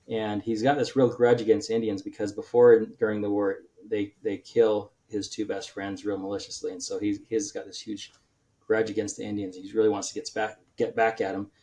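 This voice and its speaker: An author appears as a guest on a casual podcast interview, retelling a story at length in a fairly low, mellow voice. His rambling account is full of stumbles, restarted sentences, and ums and uhs.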